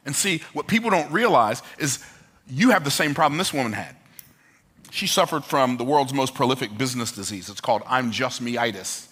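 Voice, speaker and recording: A man's voice: medium pitch, bright, forceful tone. A man giving a motivational talk, emphatic and joking, repeating his key phrases for effect. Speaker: motivational speaker.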